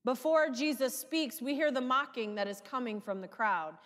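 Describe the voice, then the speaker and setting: A woman pastor preaching a sermon in a measured, emphatic way, her questions sometimes rising with passion. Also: high voice, lively intonation, fairly bright tone, in a large hall.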